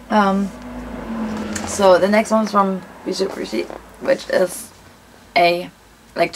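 A woman's voice: mid-range voice, a bit bright, a little hiss or hum. A young woman vlogger talking casually as she opens presents, chatty and gushing. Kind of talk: casual unboxing vlog.

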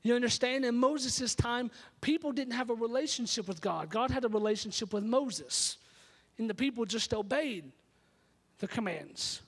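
High-voiced man preaching a sermon. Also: expressive, normal speed, fairly bright tone. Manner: emphatic storytelling preacher. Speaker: pastor. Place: church sanctuary.

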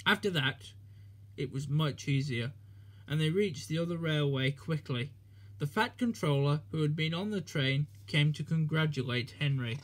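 A man narrating a children's storybook in a gentle, measured reading manner. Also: a little high, lively intonation.

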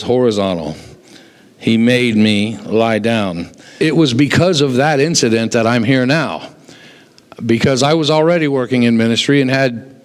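A male pastor delivers a sermon in a church sanctuary, and his voice rings with a long hall reverb. He tells lively stories and slips into the voices of the people he quotes. His pitch sits in an ordinary middle range. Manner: animated storyteller, acts out quoted voices.

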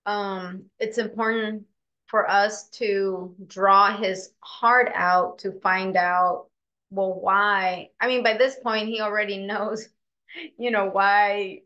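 A woman in a parenting class answering a question, speaking hesitantly with many pauses. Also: mid-range voice, fairly even intonation, pushed and bright. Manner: hesitant, searching for words. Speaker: class participant. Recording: dull, distant room mic.

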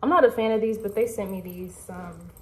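A woman's voice: a little high, fast talker, heavy background noise. Chatty young woman vlogging from her car. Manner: chatty, animated, slangy. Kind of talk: casual vlog chat. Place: in a parked car. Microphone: camera in the car. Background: dog panting.

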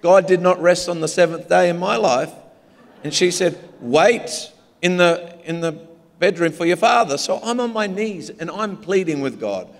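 An Australian-accented pastor delivers a humorous, story-filled sermon in a large church, his high voice expressive and at a normal pace. A long hall reverb fills the recording.

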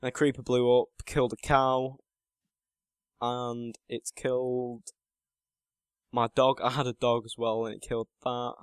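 A lad in his late teens chats through his gameplay, joking at his own expense and muttering to himself between remarks. His voice sits at an ordinary middle pitch. It is recorded close and dry, with no room sound. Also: level tone, measured pace, long pauses, smooth, no room sound. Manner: chatty and self-mocking, muttering to himself while playing. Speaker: gaming channel host. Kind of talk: casual gameplay commentary.

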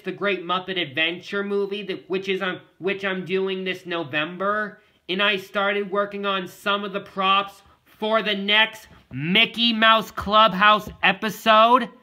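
High, very bright male vlogger. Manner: rambling and repetitive, often addressing the viewers. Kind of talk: casual talk to camera.

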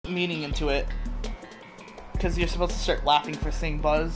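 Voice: medium pitch, level tone, normal speed. A game streamer chatting casually and teasingly with friends while playing, laughing often, with game music in the background.

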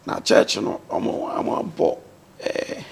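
A man with a Ghanaian accent, a guest on a talk show, earnestly telling his life story and mixing English words into his speech. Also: slow.

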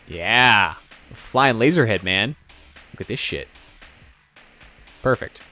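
Male let's-play commentator, chatty and self-mocking, lively pitch, quiet music under the voice. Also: a little slow, pauses often. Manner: rambling, self-mocking, sound effects and joke impressions. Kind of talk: casual gameplay commentary.

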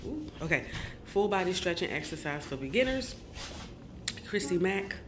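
A woman's voice: fairly low pitch, very animated, moderate pace, noisy background. A woman in her forties, a mother of two, casually chatting to her viewers in a home vlog, easygoing and full of y'alls and ums.

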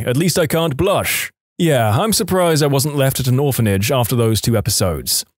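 A man narrating online stories for a podcast with an expressive storytelling delivery, recorded close on a studio mic. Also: mid-range voice, no echo. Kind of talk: reading online stories aloud.

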